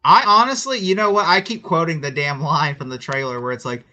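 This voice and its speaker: Young guy on a call, bright tense voice, excitable movie chat, lots of "like". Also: on the high side, fairly quick, dull audio. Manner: animated, fillers, mocking quotes. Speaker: guest movie reviewer. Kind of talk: casual podcast chat.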